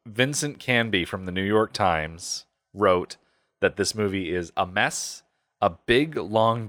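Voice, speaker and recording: Low-voiced man, dry movie podcast chat. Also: fairly bright tone, no room sound. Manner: reads facts and quotes, then wry asides. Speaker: podcast co-host. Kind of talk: casual movie review chat.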